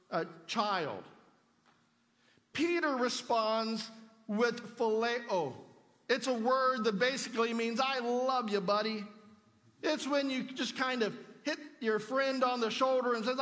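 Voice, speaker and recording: A man's voice: very high voice, fairly bright tone, in a large hall. A man preaching a sermon in a conversational way, asking the congregation rhetorical questions. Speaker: pastor.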